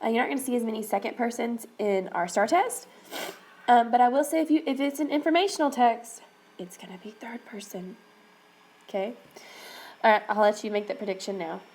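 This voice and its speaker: Woman teacher, recorded lesson, slightly high voice, coaxing step-by-step delivery. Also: animated, a little fast, darkish tone, rough recording. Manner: encouraging, repeats okay, talks students through steps. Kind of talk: recorded reading lesson for students.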